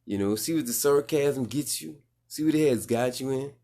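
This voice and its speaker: A man's voice: mid-range voice, moderate pace, mellow. A man with a New Orleans accent giving blunt, sarcastic commentary as he reacts to a clip. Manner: sarcastic, blunt, repetitive, slangy.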